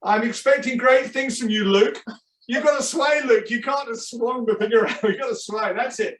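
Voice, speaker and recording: A man's voice: very high-pitched, moderate pace, a bit bright, recorded from a distance, slight background noise. A man hosting a webinar, playful and encouraging the audience. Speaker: webinar host. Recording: echoey room, off-mic.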